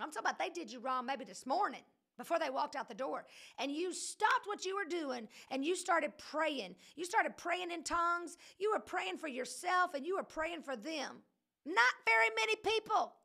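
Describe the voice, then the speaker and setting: A woman's voice: extremely high pitch, animated, normal speed, gravelly, bright, forceful tone. A woman leading a casual livestream Bible study, preaching in a chatty, joking way that keeps wandering off into digressions.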